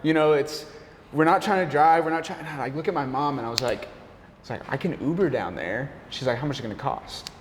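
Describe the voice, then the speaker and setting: A young man, a barista, telling a story in an animated, slangy way, his voice jumping up when he gets excited. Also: fairly high pitch, fast talker, slight background noise. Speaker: barista and café worker. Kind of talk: casual storytelling chat. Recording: roomy echo with long reverb, faint ambience.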